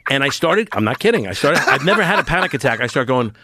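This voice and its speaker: A man's voice: mid-range voice, quick pace, dry recording. Man telling a rambling comedy-gig story. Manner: rambling, self-interrupting, animated retelling. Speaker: comedian guest. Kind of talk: casual podcast storytelling.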